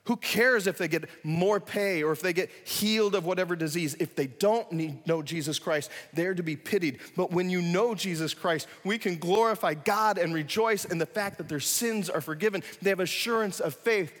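A man preaching a sermon, animated, acting out scenes with sudden loud excited bursts. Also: high-pitched, moderate pace, few pauses, long reverb tail. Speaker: pastor.

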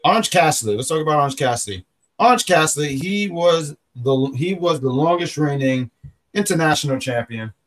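A man's voice: a little high, expressive, fairly quick. A man hosting a podcast in casual, rambling chat, often stopping to correct himself. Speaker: podcast host.

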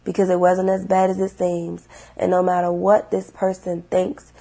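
A young woman talking earnestly to her viewers about faith and getting through hard times, repeating herself and swinging from hushed to loud. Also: lowish voice, monotone, normal speed, vocal fry, breathy edge. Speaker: vlogger. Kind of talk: emotional faith-filled vlog monologue.

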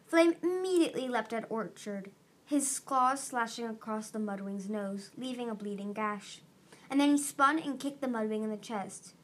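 A woman reading a fantasy novel aloud as an amateur audiobook, steady with small restarts. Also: on the high side, normal speed. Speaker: audiobook reader.

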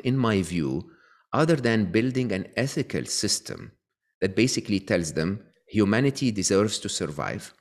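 A man's voice: fairly low pitch, sing-song, moderate pace. A man being interviewed as an author, explaining his views and often checking in with "okay?" and restarting his sentences. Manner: frequent tag questions and restarts. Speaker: guest author.

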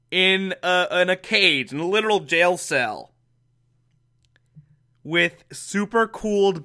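Man, sarcastic recap, bright tone, slow deliberate delivery, mocking. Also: fairly high pitch, smooth. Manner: incredulous, mocking, swears. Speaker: comedic recapper.

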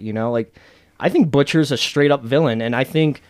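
A man co-hosting a podcast in casual chat, talking in an excitable, emphatic and profane way. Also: medium pitch, moderate pace. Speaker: podcast co-host.

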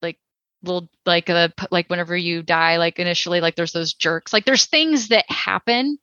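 A woman's voice: lowish voice, normal speed, pushed and bright, dry recording, lo-fi sound. A woman from Texas co-hosting a podcast, chatting casually with lots of "like"s and "you know"s and jokey asides. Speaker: podcast co-host.

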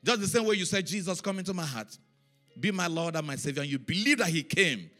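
A man preaching a sermon, telling a story with lively repetition and chanted syllables. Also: on the high side, quick pace, faint music behind. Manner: animated storytelling, repeats phrases, chants syllables.

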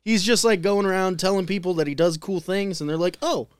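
Wry, slightly high-voiced man telling a story. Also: fairly even intonation, a little fast, clear, resonant tone, no echo. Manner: wry, laughing, swearing. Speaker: podcast co-host, storyteller. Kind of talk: casual storytelling chat.

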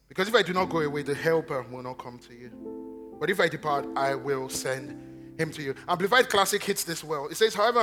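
A man preaching a lively sermon. He jumps between loud exclamations and hushed asides, and he acts out the quoted voices. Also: fairly high pitch.

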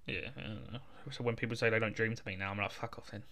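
A man co-hosting a casual film chat, with a lowish voice that still comes across bright and clear. He is laid-back and jokey, dropping into the characters' lines in offhand asides. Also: flat delivery, very fast. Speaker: podcast co-host.

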